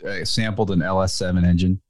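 A man's voice: low-pitched, steady tone, a little fast. A man from New Jersey, a guest on a podcast, talking about cars with enthusiasm and frequent restarts. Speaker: guest, magazine editor. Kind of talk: casual chat.

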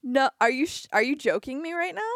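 A woman playing a tabletop game, expressive and excitable, often repeating herself. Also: high voice, a little fast, no room sound, clean studio sound. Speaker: player. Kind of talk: casual tabletop play.

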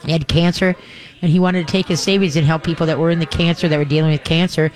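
A man's voice: fairly high pitch, level tone, quick pace. Folksy radio host man. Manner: folksy, rambling, with playful voices for dogs and owners. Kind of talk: live call-in radio chat. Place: live broadcast at a pet store.

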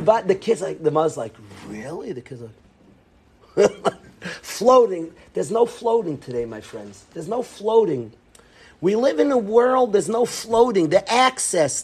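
A man in his late twenties telling a lively story to students, acting out the people in it and dropping into whispers for quoted lines. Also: high-pitched, husky. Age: 20s. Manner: animated, acts out whispers and quotes. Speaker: yeshiva educator.

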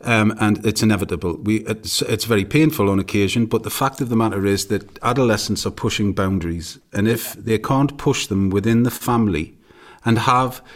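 A middle-aged man co-hosting a podcast, with a fairly low voice. He talks in a thoughtful, measured way and pauses to find his words. His tone is casual and conversational. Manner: thoughtful, measured opinions with hesitations. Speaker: podcast co-host. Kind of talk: casual chat.

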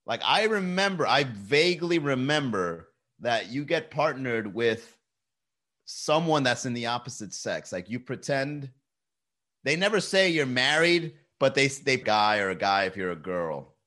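Young man, casual streamer; animated pitch, bright tone, profane and jokey. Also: a little slow. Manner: loose, profane storytelling with frequent laughs. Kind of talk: casual live-stream chat.

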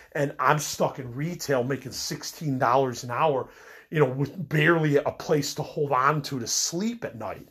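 A man's voice: medium pitch, fairly bright tone, slightly rough. A middle-aged man with a cold, rambling and venting his frustrations in a casual personal monologue, full of fillers and restarts. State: sick with a cold. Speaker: podcast host.

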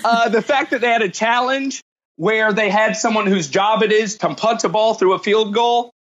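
A man's voice: high-pitched, moderate pace, fairly bright tone, dull audio. A man from the United States who is a guest on a podcast, playful and self-deprecating in casual chat.

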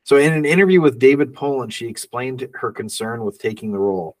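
A man's voice: mid-range voice, animated, brisk, far from the mic. Man reading film trivia, off-mic. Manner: reads trivia notes aloud, laughs often. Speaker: podcast co-host. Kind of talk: casual film podcast chat.

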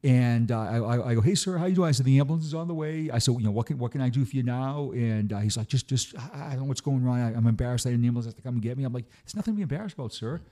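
A man's voice: medium pitch, steady tone, very fast, hardly any pauses, mellow. A middle-aged man, a retired police officer, telling stories in a casual chat, often stammering and repeating words. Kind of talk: casual storytelling.

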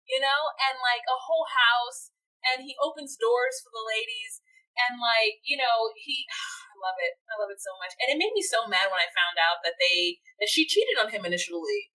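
A woman's voice: fairly high pitch, moderate pace, poor audio. A woman co-hosting a podcast, chatting casually and animatedly about a reality show. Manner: animated, acts out quotes with big swings. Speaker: podcast co-host. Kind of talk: casual recap chat.

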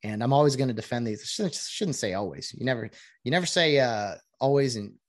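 A man's voice: mid-range voice, lively intonation, fairly quick, no room sound. A man who works as a sports official, giving a casual, sarcastic opinion monologue and mimicking other people's voices.

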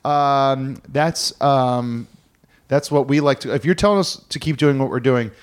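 A man's voice: medium pitch, unhurried, clear, resonant tone. A man hosting a podcast in casual chat, rambling and joking, often laughing. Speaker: podcast host.

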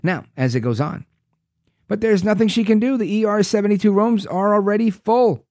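A man's voice: high voice, normal speed, a little mellow, no room sound. A man hosting a talk radio show, reading news aloud with sarcastic asides.

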